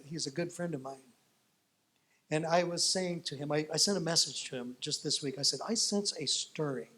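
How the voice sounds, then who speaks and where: Male pastor, sermon delivery, higher-pitched voice, animated storyteller who acts out lines. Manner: animated storytelling, acting out voices, rising to loud excitement.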